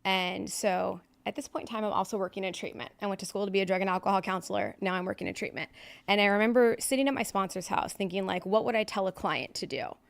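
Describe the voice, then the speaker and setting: A woman's voice: medium pitch, quick pace, creaky. A woman in her thirties from Southern California, telling her own recovery story on a podcast in a candid, blunt way with plenty of fillers. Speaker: podcast guest.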